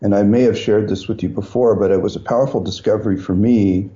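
A man guest on a radio talk show, explaining scripture in a measured way with thoughtful pauses. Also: lowish voice, steady tone, mellow, lo-fi sound. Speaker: guest, institute president.

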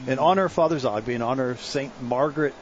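A man's voice: mid-range voice, fast talker, muffled recording. A man hosting a radio pledge drive, making an appeal to listeners for donations. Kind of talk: on-air fundraising appeal.

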